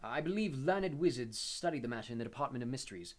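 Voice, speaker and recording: Brief: man doing a sad, gentle old ghost, quiet and formal, lively swings in pitch. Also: quick pace, lightly acted. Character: melancholy old male ghost, mournful and gentle. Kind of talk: audiobook character voice.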